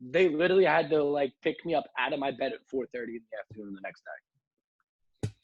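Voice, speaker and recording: A husky-voiced man who promotes nightlife spins an animated anecdote, acting out every quote. He talks loosely with plenty of fillers. The sound is dry and a little dull. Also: medium pitch, fast, dry recording. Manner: animated storyteller, acts out quotes, many fillers like "like". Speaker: nightlife promoter and podcast guest. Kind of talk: casual podcast storytelling.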